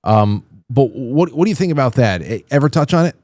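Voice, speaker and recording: A man's voice: mid-range voice, expressive, brisk, a little mellow, no echo, clean studio sound. A man hosting a podcast, asking rambling questions with many ums and restarts. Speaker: podcast host. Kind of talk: casual podcast conversation.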